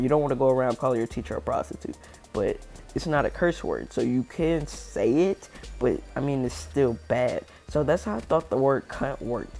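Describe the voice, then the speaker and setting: Teenage boy, casual storytime, rambling, slangy, creaky voice. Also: mid-range voice, a little mellow. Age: teens. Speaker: gaming channel storyteller. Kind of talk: casual storytime over gameplay.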